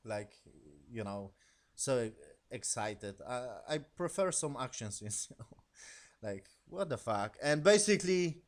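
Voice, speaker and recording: A man reviews a TV episode casually in non-native English, rambling, swearing, and getting animated as he retells scenes. His voice is mid-range and slow.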